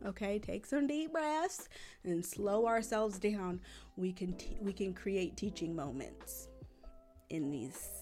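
Woman, podcast host, chatty advice talk, mid pitch, faint music bed. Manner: chatty, ends points with frequent tag questions; acts out parent phrases in a raised voice.

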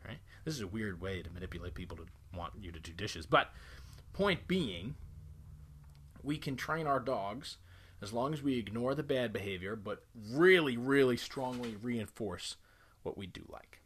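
A man's voice: fairly low pitch, lively intonation, moderate pace, fairly bright tone, breathy edge. A man teaching dog training in a conversational way, explaining each step and often checking in with "right?". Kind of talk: instructional talk to camera.

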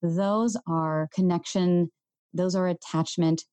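A woman in her thirties hosting a parenting podcast, talking earnestly and gently straight to her listeners. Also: lowish voice, fairly even intonation, slow, smooth, no room sound. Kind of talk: solo podcast talk.

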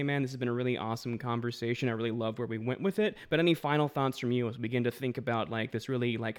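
A man hosting a casual interview about markets and the economy, chatty and self-deprecating. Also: medium pitch. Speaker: show host.

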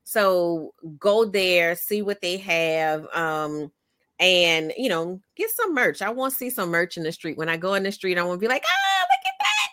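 A woman podcast host and coach in casual interview chat, talking in an animated, motivational way with many fillers. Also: lowish voice, normal speed, no echo, studio quality.

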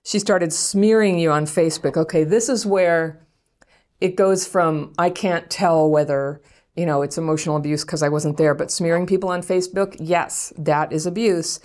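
A woman's voice: on the low side, a little mellow. A woman hosting an advice podcast, answering a listener's letter in a frank, conversational way with frequent laughs. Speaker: podcast host giving relationship advice.

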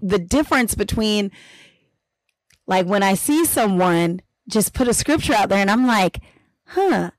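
A woman's voice: medium pitch, animated, unhurried, dry recording, poor audio. A woman co-hosting a casual faith chat, speaking earnestly and reflectively. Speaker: podcast co-host.

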